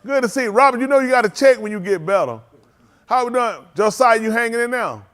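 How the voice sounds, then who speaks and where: A man's voice: extremely high pitch, lively intonation, quick pace, fairly bright tone. A man, leading a congregation and greeting livestream viewers by name in a joking, teasing, casual way. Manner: joking, teasing, calls out names.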